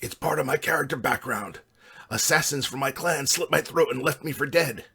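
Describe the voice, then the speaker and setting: A man voicing a young man assassin with a croaky, strained voice. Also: medium pitch, normal speed, bright, forceful tone, pitched above the performer's own voice, full character voice. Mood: croaking.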